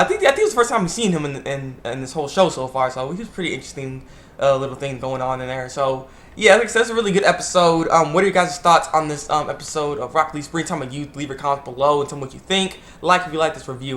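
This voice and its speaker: A man giving a casual, rambling video review, excitable and often laughing. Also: a little high, fast talker. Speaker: anime reviewer.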